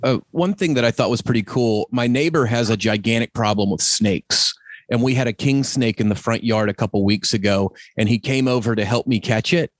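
A middle-aged man hosting a casual chat, telling animated stories and acting out the people in them. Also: medium pitch, brisk, dry recording. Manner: animated storyteller, acts out quoted voices. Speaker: podcast host.

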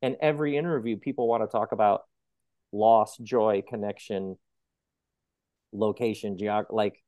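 A man's voice: lowish voice, steady tone, a little slow, mellow, no room sound, clean studio sound. A man interviewed as an author, talking animatedly about his book and acting out the voices of people he quotes. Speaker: author guest. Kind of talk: conversational interview.

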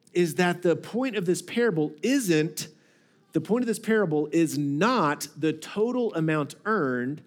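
High-voiced conversational male pastor. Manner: conversational, repeats words, asks the congregation questions. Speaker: lead pastor. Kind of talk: sermon.

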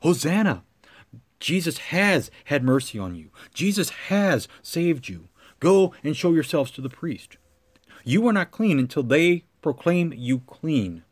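A man preaching a sermon as pastor, with a measured cadence that swells into emphatic lines. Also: on the high side, big pitch swings.

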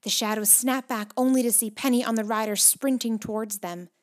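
A woman narrating a children's storybook, moving between hushed whispers and excited, louder passages. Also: fairly high pitch, brisk, hardly any pauses. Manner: expressive, shifts between hushed whispers and loud excited calls.

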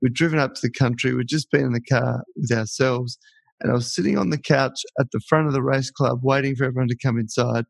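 A co-host tells a story in an easy, conversational way. His voice carries a gravelly texture. The sound is dry, with no room around it. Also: medium pitch, fairly even intonation, fast, no echo. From Australia. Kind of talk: casual storytelling.

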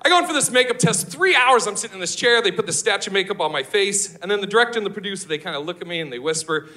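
A high-pitched, bright man performs stand-up comedy in a live show. His delivery is brash and loud, full of swearing and quick laughs at his own lines. His voice jumps around a lot as he tells his stories. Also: expressive.

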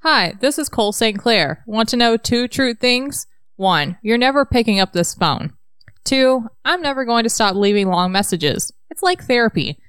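Woman reading a wry young rocker leaving rambling voicemails, smooth and clear. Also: on the high side, lively intonation, normal speed, a bit bright, no room sound. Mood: rueful. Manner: wry, self-mocking rambling. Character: young male rock musician, rueful and rambling. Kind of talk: reading voicemails aloud from a novel.

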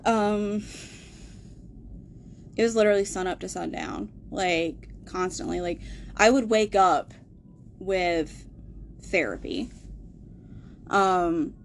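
A woman's voice: fairly low pitch, slow pace, pauses often, slight background noise. A young adult woman hosting a podcast, telling a hard personal story in a casual, candid way, swearing freely and laughing through the grim parts. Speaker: podcast host.

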